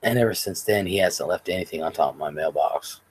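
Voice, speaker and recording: A man's voice: deep voice, fairly quick, slightly rough, rough recording. A man hosting a casual livestream, telling rambling, profane stories and chatting with viewers. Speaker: livestream host.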